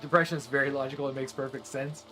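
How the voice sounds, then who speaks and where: A man's voice: medium pitch, fairly even intonation, fast, bright, forceful tone, faint music behind. A man streaming a game and chatting earnestly with his viewers, rambling with frequent restarts. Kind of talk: casual chat with live viewers while gaming.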